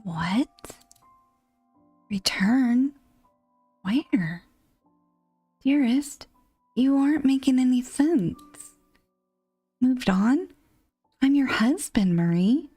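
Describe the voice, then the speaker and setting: A woman's voice: high voice, animated, drawn-out words, pauses often, warm tone, breathy edge, dry recording, soft background music, voice pushed up, heavily acted. A woman voicing a bewildered, wounded husband who pleads with his wife, in whispered role-play. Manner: pleading, rising anxious whisper.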